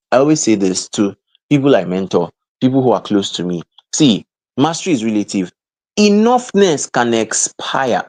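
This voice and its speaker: A man's voice: medium pitch, a little mellow. A man giving a motivational online lesson as a mentor, repeating points and talking to viewers in the chat. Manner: emphatic, repetitive, addresses the chat. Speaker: mentor and coach.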